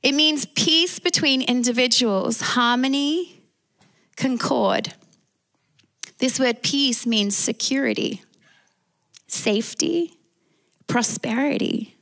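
A woman's voice: high voice, slow pace, long pauses, fairly bright tone. A woman with an Australian accent preaching a sermon as pastor, calling out for amens from the congregation. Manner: preaching with call-and-response amens.

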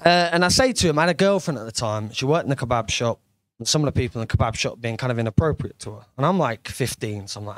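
A man's voice: mid-range voice, animated, fairly quick, dry recording. A young man doing a brash, sweary stand-up comedy set on a club stage.

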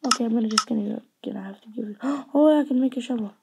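A woman's voice: fairly high pitch, racing, vocal fry, noisy background. A woman chatting and rambling playfully while playing a building game. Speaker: let's play host. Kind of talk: casual gameplay chat.

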